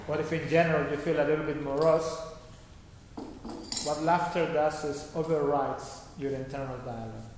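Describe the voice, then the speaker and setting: A man's voice: a little high, fairly even intonation, normal speed. A man teaching a guided laughter meditation class, giving instructions and checking in with a repeated "okay?". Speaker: yoga teacher. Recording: echoey hall with faint noise.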